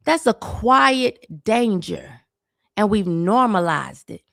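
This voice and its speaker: A woman's voice: mid-range voice, very animated, takes it slowly, creaky, a bit bright, no room sound, studio quality. An adult woman giving a sarcastic, scolding opinion monologue as a social commentator, repeating words as she gets fired up.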